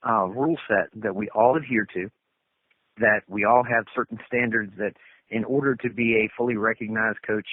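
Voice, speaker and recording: A man's voice: fairly low pitch, no echo. A man answering interview questions as a catch wrestling coach, earnest and rambling, with frequent ums. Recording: tinny phone-line sound.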